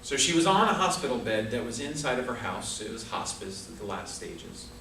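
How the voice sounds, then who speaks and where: A man's voice: mid-range voice, expressive, brisk, vocal fry, background noise. A man giving a prepared humorous speech at a speaking club, telling a story with comic asides. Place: club meeting room. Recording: echoey room from far off.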